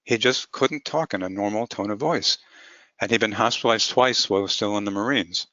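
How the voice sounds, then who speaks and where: A man's voice: fairly low pitch, a little fast, pushed and bright, no room sound. A man presenting a webinar lecture as a physician, talking plainly through clinical cases step by step. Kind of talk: webinar lecture on cannabis medicine. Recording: muffled lo-fi webinar audio.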